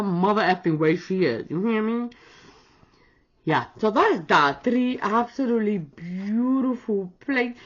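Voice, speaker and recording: A woman's voice: low-pitched, highs cut off. A woman chatting casually with viewers while demonstrating nail stamping, playful and full of slang. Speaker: nail art vlogger. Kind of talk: casual demo chat.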